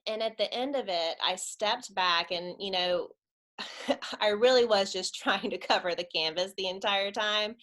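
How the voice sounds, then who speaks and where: Bright-voiced woman telling her story. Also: medium pitch, unhurried. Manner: chatty storyteller, laughs often. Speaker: church webinar speaker. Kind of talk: personal testimony talk.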